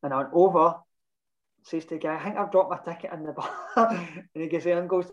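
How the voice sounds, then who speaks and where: A man recounts a sheepish football-trip story in easygoing chat. His voice is a touch high for a man, and the recording sounds dull and muffled. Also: fairly even intonation, fast talker. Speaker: football supporter telling stories. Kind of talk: casual chat.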